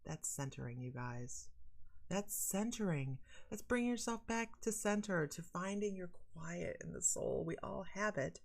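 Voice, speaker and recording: A woman's voice: fairly low pitch, animated, unhurried, vocal fry. A woman hosting a casual psychic livestream, chatting animatedly and reading out viewer comments. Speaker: psychic medium host.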